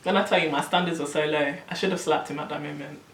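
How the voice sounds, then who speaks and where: A young woman telling a story on her vlog, animated and exasperated, full of slang. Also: sits low, fast talker, distant mic, background noise. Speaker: vlogger. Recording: roomy, camera set back.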